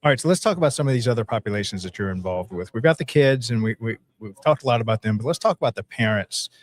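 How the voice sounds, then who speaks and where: A man's voice: medium pitch, animated, fast talker. A man hosting a podcast interview, asking long questions with frequent restarts. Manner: rambling questions with repeated restarts. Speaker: podcast host.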